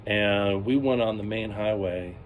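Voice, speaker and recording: A man telling a rambling, animated story in casual vlog style, acting out what people said. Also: on the low side, a little slow, a little hiss or hum. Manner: rambling, animated, acts out quotes.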